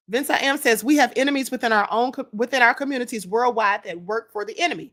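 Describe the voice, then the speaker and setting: A woman's voice: on the high side, fast, hardly any pauses, fairly bright tone. A woman hosting a live stream, giving casual opinionated commentary on clips and reading viewer comments aloud.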